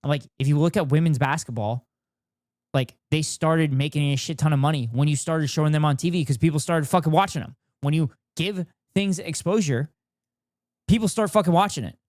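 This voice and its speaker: A man's voice: fairly high pitch, brisk, a little mellow, no room sound, studio quality. Profane ranting male streamer. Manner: profane, ranting, sarcastic, swears a lot. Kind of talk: casual stream chat, reacting and reading chat.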